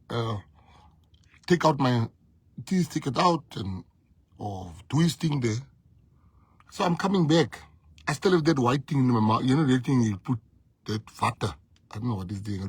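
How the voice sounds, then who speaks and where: South African man, party leader, very husky voice, dry close sound; emphatic storyteller who repeats for punch. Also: mid-range voice, expressive, moderate pace, pauses often, no echo. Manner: emphatic, repeats lines for effect. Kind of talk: storytelling speech.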